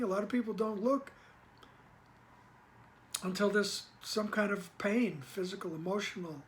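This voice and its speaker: A man reading and explaining a spiritual text in casual spoken commentary, gentle and reassuring, often checking in with his listeners. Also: sits high, slight background noise, low-quality recording. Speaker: spiritual study reader and teacher.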